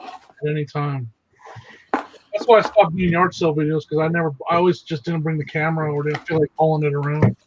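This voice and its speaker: High-voiced wisecracking man on a dull mic. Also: fairly even intonation, a little fast. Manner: wisecracking, self-deprecating. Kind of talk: casual chat. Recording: dull lo-fi mic with faint noise.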